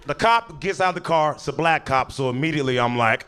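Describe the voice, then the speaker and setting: Lively intonation and a fairly bright, somewhat high voice mark this young man's fairly quick stand-up delivery. Performing on a comedy club stage for a live audience, he keeps things laid-back and chatty and imitates people from his stories, while laughter, clapping and background hum carry through.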